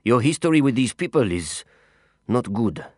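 A man voicing a calm, commanding Frenchman who talks in a clipped, quietly insistent way. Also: mid-range voice, normal speed, dry recording, clean studio sound. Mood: cool, insistent. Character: cool, dangerous Frenchman with a calm, commanding manner.

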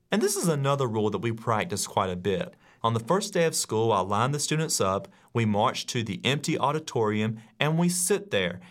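A man reading his own classroom rules aloud in a measured, instructive audiobook narration. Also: mid-range voice. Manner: measured, instructive, acts out quoted lines.

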